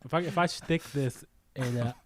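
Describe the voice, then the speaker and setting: A man's voice: mid-range voice, normal speed. A man co-hosting a history podcast, joking crudely and laughing often. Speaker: podcast co-host. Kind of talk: casual podcast banter.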